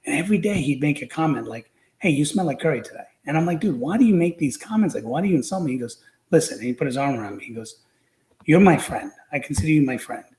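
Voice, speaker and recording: A man's voice: a little high, animated, very fast, darkish tone, roomy sound, low-quality recording. A man, a podcast guest, telling stories from his school years in a rambling, casual way, full of fillers and restarts. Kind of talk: casual storytelling.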